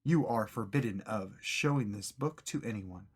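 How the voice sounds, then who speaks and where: Putting on a thick mock Russian accent, a man plays a stern Soviet security official commandingly reciting his orders. His voice is pitched higher and louder than normal speech, with a breathy edge, and it halts, stumbles and cracks as he breaks off laughing.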